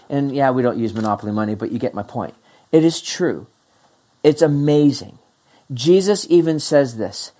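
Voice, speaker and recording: A pastor delivers a lively, conversational sermon at normal speed in a mid-pitched voice, rising high on emphatic points and then dropping into quiet, low asides. Between points, the pastor acts out what the listeners are thinking.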